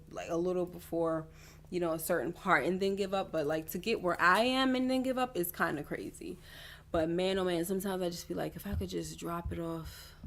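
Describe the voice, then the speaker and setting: A woman hosting a faith-based wellness livestream, talking candidly and confessionally to her viewers in loose, rambling sentences. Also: on the low side. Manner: rambling with frequent restarts and asides. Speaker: doctoral student. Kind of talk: casual livestream chat.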